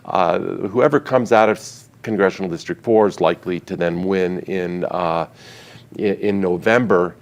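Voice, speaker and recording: A man's voice: sits low, normal speed, vocal fry. A man who is a political strategist, giving a wry, analytical take on a panel. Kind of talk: panel discussion.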